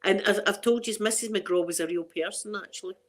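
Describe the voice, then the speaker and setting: A woman's voice: mid-range voice, a little fast. Chatty middle-aged Scottish woman. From Scotland. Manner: chatty and rambling, with frequent restarts and laughter. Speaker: ASMR channel host. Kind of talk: casual chat to viewers.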